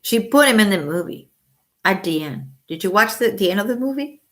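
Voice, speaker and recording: A mother hosting a livestream chats casually, swearing freely and voicing blunt opinions. Her medium-pitched voice is animated and a bit bright, and she talks a little fast.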